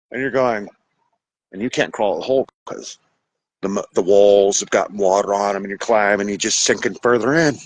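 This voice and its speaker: A man's voice: mid-range voice, a bit bright, husky, no echo, low-quality recording. Blunt, preachy man giving relationship advice. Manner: emphatic, preachy, swings between fast bursts and slow drawn-out stresses; casual and blunt, swears freely. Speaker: podcast host.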